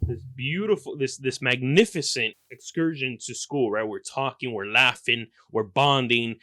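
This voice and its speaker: A man hosting his podcast, telling a comedic story in a profane, exaggerated rant that keeps bursting into loud outbursts. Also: medium pitch, normal speed, no echo, studio quality. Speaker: podcast host.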